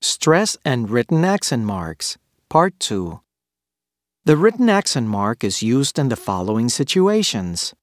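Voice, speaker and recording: Slow, lively-pitched man teaching pronunciation. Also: no echo, clean studio sound. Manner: slow, clearly enunciated model words. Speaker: language teacher. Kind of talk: scripted pronunciation lesson.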